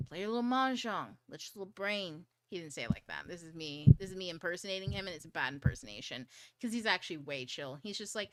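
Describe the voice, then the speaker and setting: A woman's voice: medium pitch, animated, brisk, fairly bright tone. A woman hosting an online study group livestream, talking in a chatty way with frequent swearing and a few whispered asides. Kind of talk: casual livestream talk.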